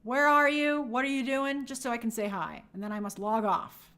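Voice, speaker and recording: A woman's voice: on the high side, normal speed, pushed and bright. A woman hosting a livestream, chatting casually and reading viewer comments aloud in an upbeat way. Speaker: livestream host reading chat. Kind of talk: casual live chat.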